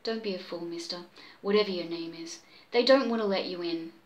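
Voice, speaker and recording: A woman's voice: lowish voice, brisk, lightly acted, rough recording. A woman reading the lines of a stubborn young woman in a pulp story read aloud at home. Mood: insistent.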